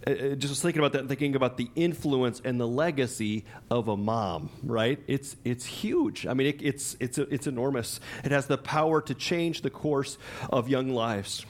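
A man's voice: mid-range voice, moderate pace. A man preaching a sermon in a conversational, chatty way, with lots of fillers, restarts and laughter. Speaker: pastor.

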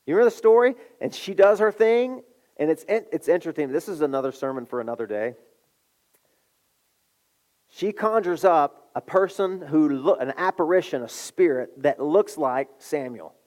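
A middle-aged man preaching a sermon, telling a story with animated delivery and acting out the voices. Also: on the high side, moderate pace. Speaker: pastor.

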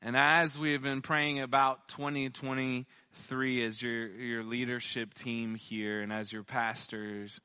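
A man preaching as pastor of his church, recapping the year with frequent fillers and throat clearing, his voice a little worn. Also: mid-range voice, level tone, measured pace, few pauses, bright, forceful tone, dry recording. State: losing his voice. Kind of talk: sermon. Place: church sanctuary.

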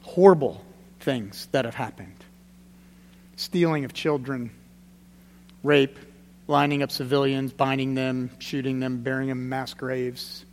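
A man preaching a sermon as pastor, conversational and emphatic, repeating his key points and dropping to a quiet, grave tone. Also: mid-range voice, fairly even intonation, a little slow, pauses often, big-room sound.

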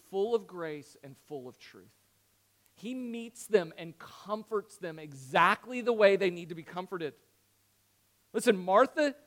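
A man preaching a sermon, acting out Bible dialogue with animated swings and dropping to hushed tones for emphasis. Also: high-pitched. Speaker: pastor.

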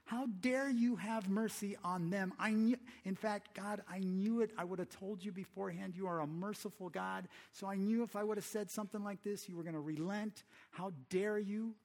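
A man's voice: sits high, fairly even intonation, moderate pace, hardly any pauses, darkish tone, voice pushed up. A man playing an indignant prophet who rages that God showed mercy. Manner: outraged, whiny complaining.

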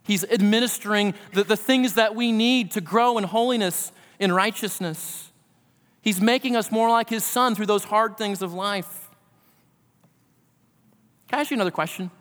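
A man's voice: high-pitched, moderate pace, fairly bright tone. Earnest preacher man in a reverberant hall. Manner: earnest, asks the listeners direct questions. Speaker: pastor. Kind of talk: sermon. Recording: long reverb of a large hall.

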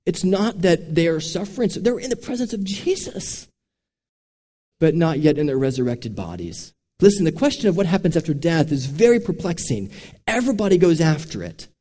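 A man's voice: fairly high pitch, very animated, moderate pace, dark tone. Earnest male preacher, echoing hall. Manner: storytelling preacher, earnest and direct. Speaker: pastor. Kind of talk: sermon. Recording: long reverb of a large hall.

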